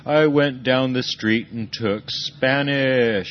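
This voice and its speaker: A man hosting a radio show with quick, jokey, pun-filled banter. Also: medium pitch, slight background noise. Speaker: radio host. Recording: dull lo-fi radio broadcast.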